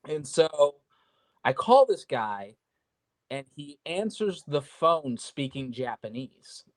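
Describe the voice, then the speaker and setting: A guest wrestler tells a wrestling road story in casual conversation, cursing a lot and restarting his sentences as he rambles. His voice is slightly high and sing-song, with a slow pace. He's on a remote call mic with audio trouble, so the sound is poor, though there's no room echo.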